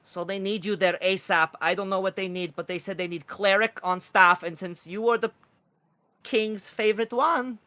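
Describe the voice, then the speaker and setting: A man voicing a male blue kookaburra bard messenger in a tabletop game, speaking in a high, drawn-out, fussy way. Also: fairly even intonation, pushed and bright, no echo. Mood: fretful.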